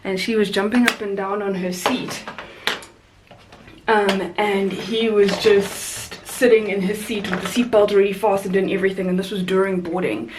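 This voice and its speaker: A woman's voice: normal speed, background noise. A young woman from South Africa, a flight attendant vlogger, chatting casually and animatedly while doing her makeup. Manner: chatty, animated storyteller, rising high for quoted voices. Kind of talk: casual makeup chat and storytime.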